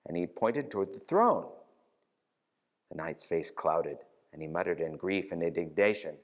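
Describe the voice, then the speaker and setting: A man leading a novena and reading a novel aloud in a church, in an expressive, unhurried way. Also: low voice. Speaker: parish reader leading a novena. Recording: reverberant church hall.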